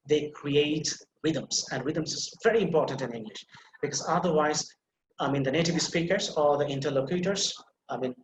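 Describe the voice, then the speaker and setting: A man's voice: on the high side, roomy sound, slight background noise. A man teaching English pronunciation in a live online class, patiently repeating words and restarting phrases as he explains, heard over a video call. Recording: slightly muffled video-call audio.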